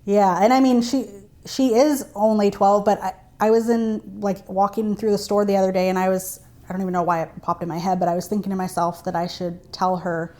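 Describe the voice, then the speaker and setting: A woman's voice: medium pitch, steady tone, mellow. Young adult woman podcast guest, casual and supportive, mid-range voice. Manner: supportive listener, quick agreements. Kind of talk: casual chat.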